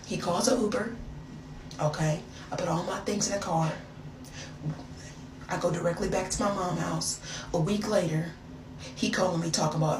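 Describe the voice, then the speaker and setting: A woman's voice: fairly low pitch, fairly even intonation, moderate pace, pauses often, crowd noise. A young woman vlogger telling a story in a casual, chatty way with sassy asides. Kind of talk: storytime vlog. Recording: echoey room, far from mic, noisy.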